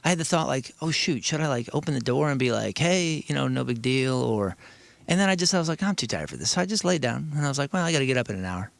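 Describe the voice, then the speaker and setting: A man's voice: medium pitch, animated, quick pace, creaky, no echo. A man co-hosting a talk show, telling a long story in casual banter, stammering and acting out quotes. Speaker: radio show co-host.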